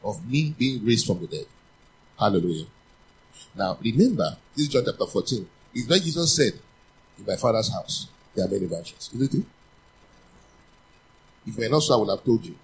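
A man preaching a sermon, teaching from scripture, asking the congregation questions and repeating key phrases, building to louder, faster urging. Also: fairly low pitch, sing-song, a little hiss or hum, rough recording.

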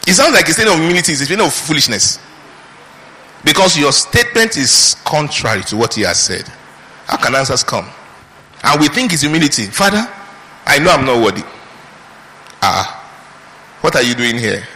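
A man pastor preaching a sermon with lively rhetorical questions. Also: on the high side, a little fast, pauses often. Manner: animated preaching with mimicked prayers and rhetorical questions. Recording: reverberant hall.

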